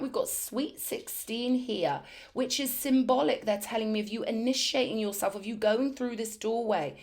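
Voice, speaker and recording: A woman doing a spiritual tarot reading, talking in emphatic, affirming bursts and repeating phrases for effect. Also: on the high side. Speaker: tarot reader.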